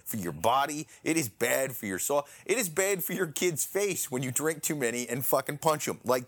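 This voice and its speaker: A man's voice: normal speed, few pauses. Profane ranting man in casual chat. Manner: profane, ranting, animated swings in pitch.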